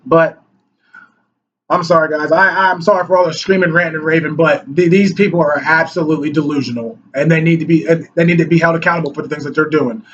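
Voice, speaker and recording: A man ranting angrily into the camera, preachy and mocking, his voice husky. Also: fairly high pitch, fairly even intonation, quick pace, fairly bright tone, lo-fi sound. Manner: angry, preachy, mocking opponents in whiny voices. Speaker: political commentator.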